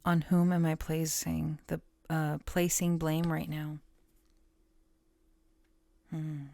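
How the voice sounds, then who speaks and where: A woman giving a casual tarot reading, soft-spoken and musing, often trailing off and starting her thoughts over. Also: low voice, flat delivery, slow pace, gravelly, dry recording. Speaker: tarot reader.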